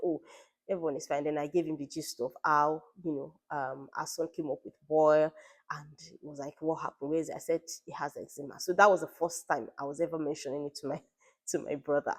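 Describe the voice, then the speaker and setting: A woman's voice: sits low, little pitch movement, fast talker. A woman in her thirties telling her family's story in a conversational vlog, retelling what others said, with frequent fillers. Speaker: parent vlogger. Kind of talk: personal storytelling.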